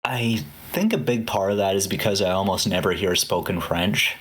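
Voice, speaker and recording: Very low voice, husky, lots of uh and like, casual. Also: moderate pace. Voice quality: many filler words, hesitant. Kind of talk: casual chat.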